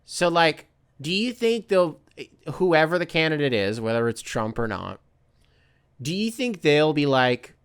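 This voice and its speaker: A man's voice: a little high, sing-song, unhurried, clear, resonant tone. A man hosting a podcast alone, ranting casually with profanity and sarcastic impressions. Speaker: podcast host. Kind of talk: casual solo rant.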